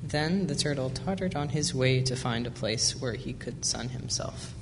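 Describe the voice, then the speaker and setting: A man's voice: mid-range voice, expressive. Man reading a storybook in a hall. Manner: measured, with small slips and self-corrections. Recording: long hall reverb, faint hiss.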